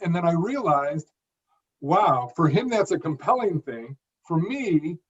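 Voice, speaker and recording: A man around sixty talks as a guest in an interview, his voice sitting a bit high for a man. He speaks in clear emphatic phrases, sometimes repeating a word as he restarts. The audio is dull and lo-fi. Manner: phrased, emphatic delivery with occasional repeated words. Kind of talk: conversational interview.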